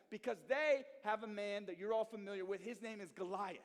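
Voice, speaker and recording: A young man preaches to a youth group in an energetic, slangy storytelling style. His voice sits high. Long reverb from a big hall trails behind him. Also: brisk, hardly any pauses. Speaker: youth pastor. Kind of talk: sermon to youth.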